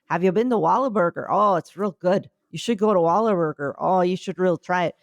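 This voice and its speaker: Woman doing a chatty driver, slow drawly folksy voice, dead dry room. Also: no echo, natural voice. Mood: eager. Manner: drawn-out folksy pitch, repeating herself.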